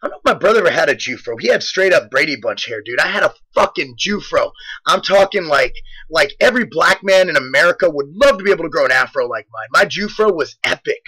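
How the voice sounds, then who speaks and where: A man's voice: fairly high pitch, lively intonation, quick pace, sharp tone, slightly rough, poor audio. A young man casually narrating a gym video, joking and boastful as he rambles through stories. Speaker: fitness supplement company host. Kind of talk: casual gym vlog commentary.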